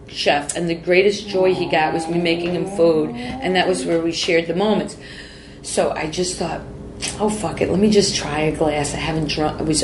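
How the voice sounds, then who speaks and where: A woman in her forties with a lowish voice tells her story bluntly, swearing freely and breaking off mid-sentence. The room is roomy and echoey, with a faint hum of ambience behind her. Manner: raw, profane, self-interrupting. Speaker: guest. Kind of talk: candid personal storytelling.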